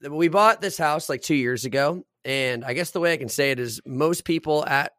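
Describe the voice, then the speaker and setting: A man's voice: a little high, moderate pace, no room sound, clean studio sound. A man in his twenties, a podcast co-host, telling stories in casual chat with plenty of swearing. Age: 20s. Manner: swears a lot, animated storytelling.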